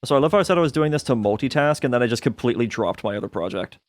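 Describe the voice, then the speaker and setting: A man's voice: medium pitch, animated, racing, no room sound. A man talks his way through a modded game on stream, muttering plans and poking fun at his own forgetfulness. His voice sits in an ordinary middle register. It is picked up close on a desk mic with no room sound. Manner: self-mocking, thinking aloud, laughs at himself. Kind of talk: casual gameplay commentary.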